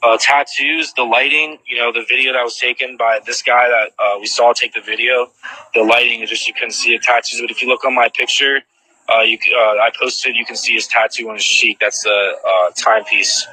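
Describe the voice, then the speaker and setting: A man's voice: medium pitch, fairly even intonation, a little fast, pushed and bright, slightly rough, no echo, low-quality recording. A man casually retelling what he witnessed and answering viewers' questions, rambling with lots of "like" fillers and restarts.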